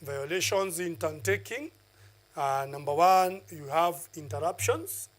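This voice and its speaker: A man's voice: a little high, lively intonation, a little slow, poor audio. A man teaching a lesson on a TV channel, lecturing and counting off numbered points with filler uhs. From Kenya.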